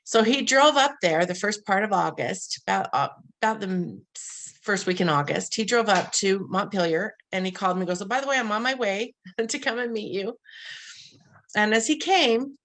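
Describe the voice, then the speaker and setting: A woman's voice: medium pitch, lively intonation, normal speed, a bit bright. Middle-aged woman host, earnest and heartfelt storytelling, medium voice. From western United States. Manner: earnest, heartfelt, with frequent restarts and quoted dialogue. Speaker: webinar host. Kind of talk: personal storytelling.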